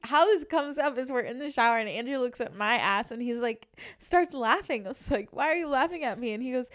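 A woman co-hosting a podcast, giggly and animated in casual banter. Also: a little high, brisk. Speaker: podcast co-host.

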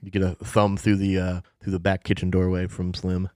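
A man narrating a tabletop game as game master, in a relaxed way with lots of fillers. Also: deep voice, normal speed, no room sound, clean studio sound.

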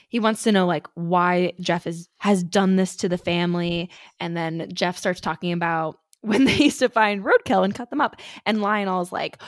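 A woman's voice: lowish voice, normal speed, dry recording, clean studio sound. A woman co-hosting a podcast, recapping a TV episode in casual chat, full of fillers and swearing. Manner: swears a lot, many fillers, laughs while recapping. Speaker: podcast co-host.

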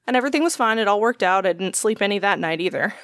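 A young woman tells a rambling story in casual conversation, swearing freely and slipping into the voices of the people she quotes. Her voice sits at an ordinary pitch and sounds dry and close to the mic. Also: expressive, rapid-fire, fairly bright tone, no echo. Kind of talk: casual podcast chat.

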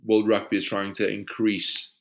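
A South African rugby player, an Afrikaans speaker, answering questions in a casual podcast interview in an easygoing way. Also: male voice, fairly low pitch, normal speed, gravelly. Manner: relaxed, easygoing answers with frequent "you know".

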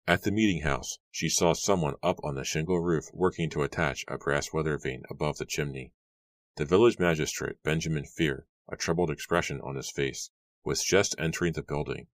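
A man with an extremely deep, low voice reads a story aloud as an audiobook narrator. He tells it in a steady, measured way, and the recording is close and dry with no room sound. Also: no echo. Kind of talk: scripted narration.

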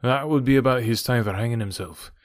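Man doing a hearty, no-nonsense inspector, brisk and plain, dry close mic. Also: medium pitch, no echo, close to an everyday voice. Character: hearty, matter-of-fact police inspector.

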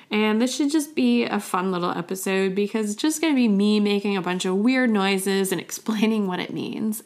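A young woman hosting a casual solo podcast, playfully acting out little sounds and laughing often. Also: medium pitch. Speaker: podcast host.

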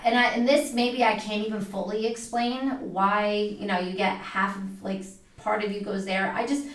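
A woman's voice: mid-range voice, little pitch movement, moderate pace. Chatty woman, a bit far off in a roomy space. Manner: chatty, many fillers, acts out quoted voices. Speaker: medium, interview guest. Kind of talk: casual storytelling interview.

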